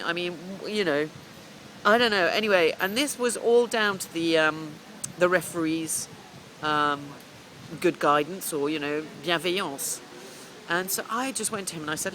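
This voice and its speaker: A woman's voice: lowish voice, moderate pace, background noise. A middle-aged woman coach telling a long, rambling story in a casual vlog, chatting away as she goes. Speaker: business coach.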